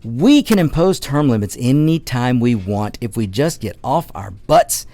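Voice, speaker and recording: A man's voice: mid-range voice, very animated, unhurried, vocal fry, dark tone, no room sound. A man hosting a talk radio show, ranting passionately with frequent restarts and stammers. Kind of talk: political talk radio monologue.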